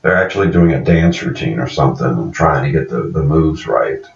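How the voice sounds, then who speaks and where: Deep-voiced man recapping in an echoey room. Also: lively intonation, a little fast, gravelly. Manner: rambling, corrects himself on character names. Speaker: show reviewer. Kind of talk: casual episode recap. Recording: echoey, dull-sounding room from a distance.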